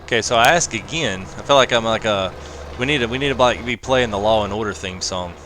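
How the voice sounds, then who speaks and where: A man's voice: lowish voice, fairly quick. A man hosting a live game stream, chatting casually and joking while reading out chat comments. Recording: loud game engine noise behind.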